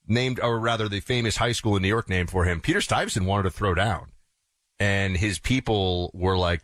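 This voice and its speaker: A man from the Northeastern US co-hosting a talk show, chatting casually and wandering off into animated storytelling asides. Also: lowish voice, normal speed, no room sound. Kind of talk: casual conversational chat.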